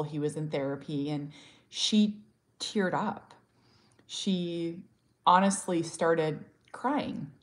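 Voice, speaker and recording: A woman talks straight to camera in a candid personal vlog, sharing her story as a mother. Her voice sits a little on the low side for a woman. She sounds earnest and heartfelt, doubling back on her words as she goes and speaking plainly and bluntly when she means it. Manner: earnest and heartfelt, with frequent restarts; talks openly and directly, sometimes blunt.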